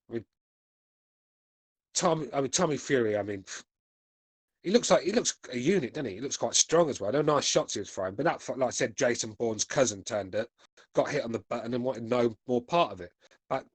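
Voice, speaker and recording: A medium-pitched British man in his forties hosts a podcast, reading out chat comments in a casual, blunt way with plenty of swearing. There's no room sound on the recording.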